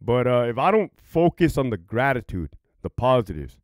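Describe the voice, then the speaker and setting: Profane, animated former prison guard, a man. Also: mid-range voice, normal speed, no room sound, studio quality. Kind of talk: casual vlog storytelling.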